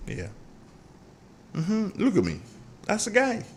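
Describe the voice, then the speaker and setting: A middle-aged man with a Grenadian accent hosting a morning radio show, chatty and joking as he sends shout-outs to listeners. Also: high voice, huge pitch swings, takes it slowly, a little hiss or hum. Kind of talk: casual morning radio chat.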